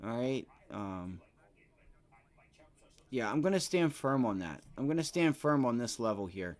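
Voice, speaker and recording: A man in his thirties talks through his trades on a live stream, half to his viewers and half to himself. His voice sits at a middle pitch, and his running commentary is loose and unscripted, with the odd curse word. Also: very animated, a little slow. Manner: talks to himself and the chart, swears, frustrated at times. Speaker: day trading livestream host. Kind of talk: casual live trading commentary.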